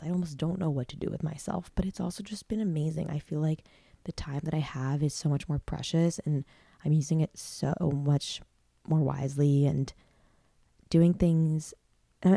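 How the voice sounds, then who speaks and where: Low, mellow-voiced woman in her twenties. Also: creaky, dry recording. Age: 20s. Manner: rambling, heartfelt, many likes and restarts. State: near tears at times. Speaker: podcast host. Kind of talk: solo podcast monologue.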